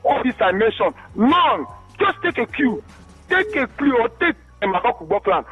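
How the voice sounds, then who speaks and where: A Nigerian man from Rivers State phones into a radio show, his very high voice swinging widely in pitch at a normal pace. He pleads passionately and keeps calling the host "my beloved brother." The muffled phone line carries faint music in the background.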